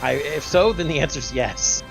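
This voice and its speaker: A man co-hosting a casual chat about game trailers, animated and quick to laugh, with halting restarts. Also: a little high, creaky, over music. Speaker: co-host.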